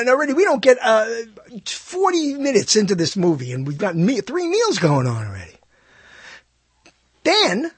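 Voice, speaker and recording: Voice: mid-range voice, breathy edge, dry recording. A solo vlogger talking in a casual, rambling monologue, digressing often and acting out quoted lines.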